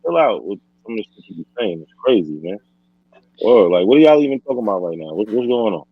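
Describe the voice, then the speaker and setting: A man's voice: lowish voice, big pitch swings, fast, breathy edge, dry recording. Guy hosting a debate stream, firm, keeps telling ppl to chill, dry dull lo-fi audio. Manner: firm, tries to restore order. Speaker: host and moderator. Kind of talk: moderating an online debate.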